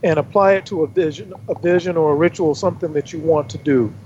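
Talk radio host with dull lo-fi sound. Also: male voice, a little high, fast talker, a little mellow. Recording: dull lo-fi audio with faint background noise.

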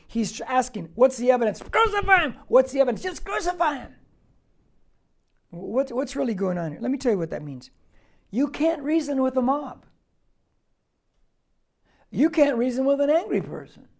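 A male pastor with a high, creaky voice teaches through a Bible passage verse by verse. He's emphatic, raises rhetorical questions, and swings between quiet remarks and loud, stressed points.

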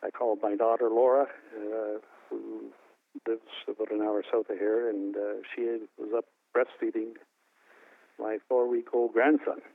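An older man from New Brunswick, Canada, recalling a personal story in an interview, halting with many restarts. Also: on the low side, flat delivery, gravelly, dry recording, narrow, tinny audio. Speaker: interview guest. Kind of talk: emotional personal recollection.

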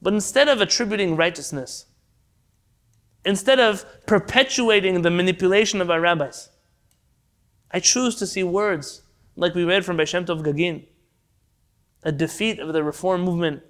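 A man with a voice that sits high teaches a Torah class, lecturing with passion. He swings from loud rhetorical questions to quiet, intense pleas.

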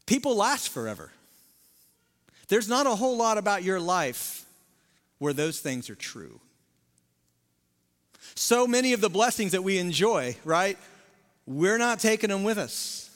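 A man preaching a sermon as lead pastor, swinging from loud emphasis to hushed near-whisper, with conversational asides to the congregation. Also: high voice, big pitch swings, measured pace, pauses often. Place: large church sanctuary. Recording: long hall reverb in a large sanctuary.

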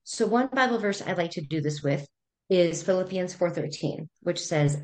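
A middle-aged woman speaking as a therapist guest on a podcast, calm and gently instructive as she walks through breathing exercises. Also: on the low side, normal speed. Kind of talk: conversational podcast interview.

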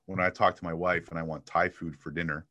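A man talking casually in an interview about selling, an energetic storyteller who acts out little bits of dialogue. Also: sits low, fast, dry recording. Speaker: sales trainer and guest.

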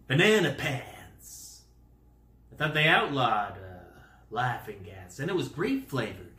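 A man's voice: mid-range voice, big pitch swings, takes it slowly, sharp tone, reverberant. A man telling a rambling comic story to camera, with goofy exaggeration and made-up words. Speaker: vlogger.

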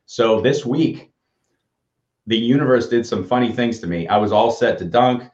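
The co-host, a man in his fifties, speaks at medium pitch and a normal pace with a slightly mellow tone. He's telling upbeat motivational stories during a casual livestream chat, captured in dull, echoey lo-fi audio.

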